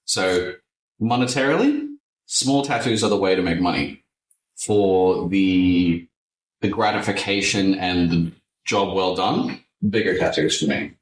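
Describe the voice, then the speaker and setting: A man's voice: low voice, unhurried, roomy sound, distant mic, low-quality recording. A man, a tattoo artist, chatting casually and animatedly, swearing freely with lots of fillers. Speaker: tattoo artist and podcast host. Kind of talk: casual chat.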